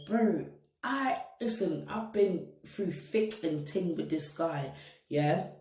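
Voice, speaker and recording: A young woman vlogger talks straight to her viewers in a casual storytime monologue, animated and laced with street slang. Her voice is mellow, warm, fairly low, and slow, and she sits some distance from the mic in an echoey room.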